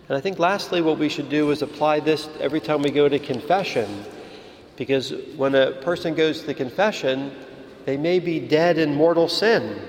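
A man, a priest, giving a calm, measured sermon in a church. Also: fairly high pitch, a little hiss or hum. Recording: reverberant hall with faint ambience.

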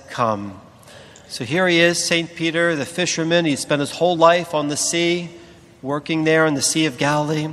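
A priest giving a sermon, speaking slowly and deliberately with emphatic pauses. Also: male voice, a little high, a bit bright, big-room sound.

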